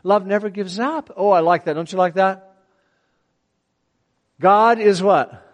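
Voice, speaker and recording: The sound is big-room and muffled as a middle-aged man preaches at a measured pace in a high-sitting voice. He keeps things animated and conversational, frequently asking his listeners questions.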